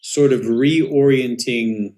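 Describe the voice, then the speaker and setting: A man's voice: mid-range voice, slow pace, darkish tone. A man in a mid-range voice, hosting an interview podcast. He responds to his guest with thoughtful, reflective remarks. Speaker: podcast host. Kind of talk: conversational interview.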